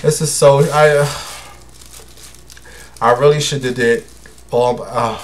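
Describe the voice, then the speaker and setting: A man's voice: medium pitch, fairly even intonation, slow, a little hiss or hum. A young man hosting his own show, chatting casually and dramatically, calling listeners honey and baby. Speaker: host. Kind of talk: casual solo chat.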